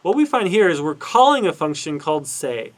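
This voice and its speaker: A man's voice: a little high, very animated, fairly quick. Man lecturing casually with many fillers. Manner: thinks aloud with many fillers and restarts. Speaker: university lecturer. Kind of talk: casual recorded lecture walking through documentation.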